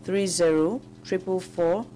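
A woman's voice: lowish voice, a little slow, dark tone, slight background noise. A woman, a guest baker answering radio interview questions plainly and without hurry.

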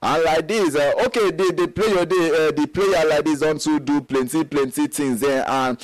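A man's voice: a little high, normal speed, soft background music, poor audio. A man with a Nigerian accent hosting a sports radio talk show. He talks in a chatty, sing-song way and halts often with fillers.

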